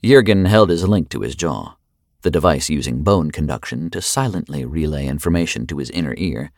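A man narrating an audiobook in an expressive, wry way. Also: very deep voice, a little fast, no room sound, studio quality.

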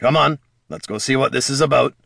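A man voicing a gruff, blunt male dwarf adventurer who talks in plain, folksy slang, in a dry studio read. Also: medium pitch, a little fast, fairly bright tone, dry recording, pitched above the performer's own voice.

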